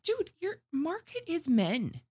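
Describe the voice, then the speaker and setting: A woman's voice: sits high, huge pitch swings, slow, warm tone, no echo, clean studio sound. A woman co-hosting a podcast, making blunt, sardonic remarks in casual chat. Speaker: podcast co-host.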